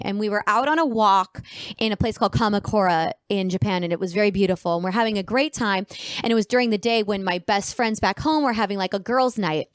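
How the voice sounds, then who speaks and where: A woman guest on a chat podcast, telling a personal story with lively quoted voices. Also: mid-range voice, no echo, studio quality. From Arizona. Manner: animated storyteller, acts out quoted friends.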